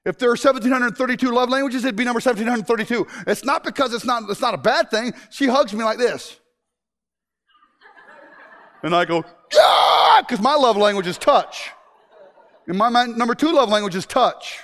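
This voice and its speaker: High-voiced man preaching with sudden shouts. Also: fast. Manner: animated and joking, with sudden shouts and hushed asides. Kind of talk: sermon to a live congregation.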